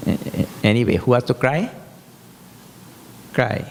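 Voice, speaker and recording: Animated man chanting and teaching, echoey hall. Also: mid-range voice, measured pace, creaky, a little hiss or hum. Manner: animated, humorous, chants verses. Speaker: spiritual teacher. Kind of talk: scripture discourse. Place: large hall.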